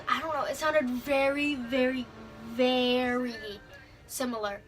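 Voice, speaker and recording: Young female fan vlogger with a high voice, gushy, lots of "like", music in the background. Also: fairly even intonation, measured pace, rough recording. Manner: gushing, heavy use of "like", acts out quotes. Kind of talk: excited storytelling vlog. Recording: music playing clearly behind her.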